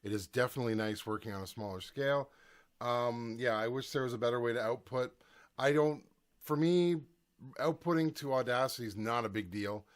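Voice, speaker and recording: A man's voice: medium pitch, a little fast. Man chatting over his recording gear. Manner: chatty, thinking aloud while demonstrating gear. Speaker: home recording musician. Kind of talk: casual vlog talk. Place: home recording desk, indoors.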